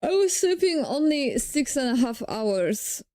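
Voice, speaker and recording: Young woman, streamer, amused, chatty, slow, high-pitched. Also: sing-song, a little mellow. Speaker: streamer reacting to a video. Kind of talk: casual reaction chat.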